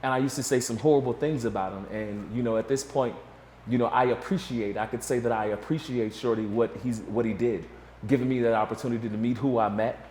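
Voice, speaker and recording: A man's voice: medium pitch, steady tone, brisk, a little mellow, a little hiss or hum. A middle-aged man recounting a story as a guest in an interview, acting out the voices of others as he goes. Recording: echoey room with faint ambience.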